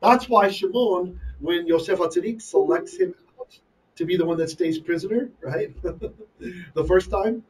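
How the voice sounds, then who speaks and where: A man's voice: high-pitched, expressive, moderate pace, far from the mic, poor audio. A man teaching a live online Bible lesson, reading Hebrew verses and translating them line by line, often checking in with "right?". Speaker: Torah teacher.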